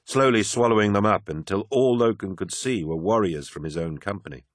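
A man narrating an audiobook in a measured, grave manner. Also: on the low side, dry recording, clean studio sound.

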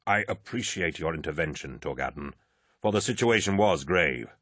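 A man's voice: sits low, expressive, normal speed, a bit bright, dry recording, studio quality. A man voicing a proud, condescending warrior lord. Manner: arrogant, condescending.

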